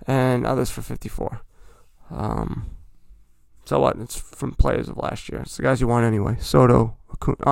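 A man's voice: medium pitch, gravelly, a little mellow, no echo, clean studio sound. A man hosting a podcast, talking in a rambling, chatty way and correcting himself as he goes. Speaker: podcast host. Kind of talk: casual hobby talk.

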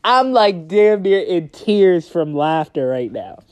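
A man's voice: sits high, big pitch swings, takes it slowly. A young man telling a personal story in a casual, slangy storytime vlog, laughing as he goes.

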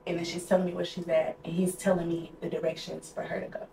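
Young woman podcaster telling her story, kinda low voice, roomy echo, mic a bit far off. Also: level tone, fast talker, gravelly, mellow. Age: young adult. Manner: candid, conversational, heavy use of "like". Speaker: podcast co-host. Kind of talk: casual personal storytelling. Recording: roomy echo, distant mic, faint noise.

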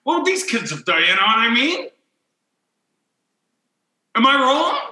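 A man's voice: extremely high pitch, sing-song, a little slow, pushed and bright, roomy sound, slight background noise, low-quality recording. A young man hosting a podcast, telling a story in a rambling way full of "like" and acted-out quotes. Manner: rambling, heavy on "like", acts out quoted people. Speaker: podcast host. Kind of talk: casual storytelling chat.

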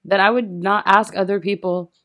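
A young woman chatting with friends in an earnest, low-key way. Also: steady tone, moderate pace, a bit bright, no room sound, clean studio sound. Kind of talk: casual chat among friends.

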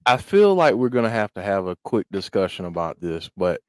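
A man's voice: deep voice, big pitch swings, fairly quick, clear, resonant tone, dry recording. A man in casual conversation about a film, speaking thoughtfully and hesitantly, often restarting his sentences.

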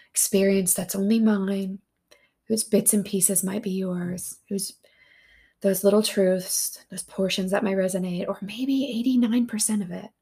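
A woman hosts her own podcast in a casual, heartfelt monologue. Her mid-pitched voice has a gravelly fry to it. She talks in an open, earnest way and sometimes gets excitable. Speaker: podcast host.

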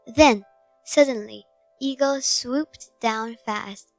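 A woman narrating a children's fable slowly and gently, recorded close on a dry mic. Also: fairly high pitch, vocal fry, no echo, soft background music. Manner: slow, gentle storybook reading. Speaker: storyteller.

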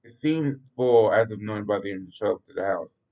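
A man's voice: on the low side, brisk, a little mellow, rough recording. A man narrating a story aloud in a homemade reading, stumbling and restarting now and then. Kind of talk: amateur read-aloud narration.

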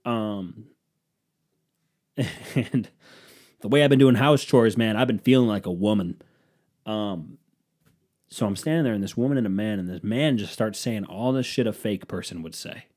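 Profane sarcastic man telling a story. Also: fairly low pitch. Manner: profane, sarcastic, animated impressions of others. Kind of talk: casual storytelling with acted-out quotes.

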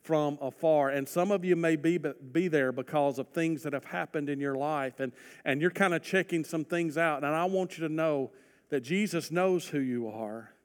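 A man preaches in a high voice, swelling loud for emphasis before easing into soft, earnest appeals. His sermon rings out with a long reverb, as if recorded in a church sanctuary. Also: moderate pace. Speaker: pastor.

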